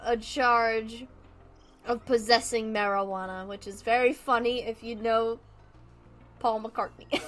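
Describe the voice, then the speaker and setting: A woman's voice: sits high, fairly bright tone. A young woman streamer chatting casually while she draws. She rambles, swears freely and laughs often. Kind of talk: casual chat while drawing.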